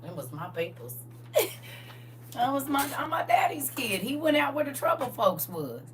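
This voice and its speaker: A woman of about forty telling stories from her past in a casual, animated way, full of slang and laughter. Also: high-pitched, unhurried, recorded from a distance, slight background noise. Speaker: livestream co-host. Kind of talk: casual storytelling chat.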